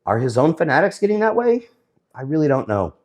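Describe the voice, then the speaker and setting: A man giving casual, sarcastic commentary on the week's news, often pausing with fillers. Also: fairly high pitch, big pitch swings, a little mellow. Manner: sarcastic, hesitant with many fillers.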